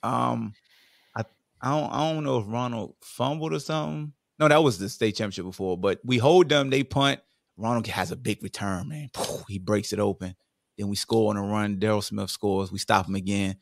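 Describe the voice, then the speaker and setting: A man from Virginia, a podcast guest telling football stories in a casual, lively way. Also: lowish voice, moderate pace, vocal fry, dry recording, studio quality. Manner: lively storyteller who acts out what others said. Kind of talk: casual storytelling interview.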